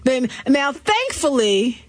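A middle-aged woman hosts a call-in radio show, her high voice leaping all over the place as she spins stories, laughing and acting out what everyone said. She is recorded on a dry studio mic. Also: slow, no echo. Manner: expressive storyteller, laughs often, acts out dialogue. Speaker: radio talk show host. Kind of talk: animated call-in radio chat.

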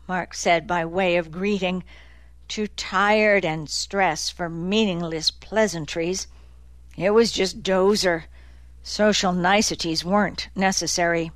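A woman narrating an audiobook in a measured, deliberate way. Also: fairly low pitch, fairly even intonation, no room sound. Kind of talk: scripted narration.

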